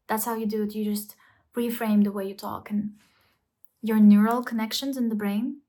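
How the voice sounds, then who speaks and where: A woman's voice: mid-range voice, steady tone, normal speed, mellow. Earnest woman coaching the viewer. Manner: earnest, coaching, asks rhetorical questions. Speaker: self-help vlogger. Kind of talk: casual motivational talk to camera.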